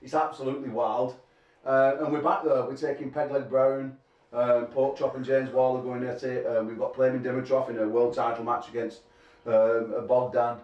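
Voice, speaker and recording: The recording comes from a distance in an echoey room, with the highs cut off. The speaker is a middle-aged man promoting arm wrestling, whose mid-range voice keeps a level tone at normal speed while he rambles, jokes crudely and laughs a lot during press conference banter.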